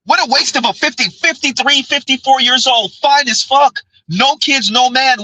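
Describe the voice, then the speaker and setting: A man's voice: very high voice, moderate pace, bright, forceful tone, dry recording, low-quality recording. A man hosting a podcast, ranting in casual commentary, profane and exasperated. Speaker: podcast host.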